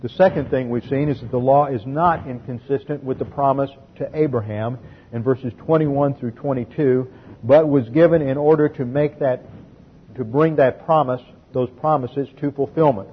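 A man's voice: medium pitch, fairly even intonation, moderate pace, slightly rough, dull audio. A man giving a methodical verse-by-verse Bible teaching, explaining and spelling out Greek words as he goes.

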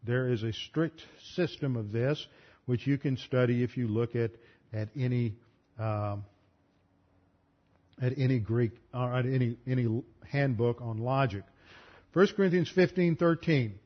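A man lectures as a Bible teacher, building his points one careful step at a time and pausing to spell out terms. His voice sits at a middling pitch. The recording sounds dull and lo-fi. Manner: methodical, explanatory, spells out terms. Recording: muffled lo-fi recording.

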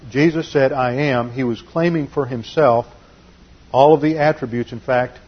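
A man's voice: mid-range voice, husky, lo-fi sound. A man preaching a sermon, teaching carefully and explaining the meanings of Greek and Hebrew words.

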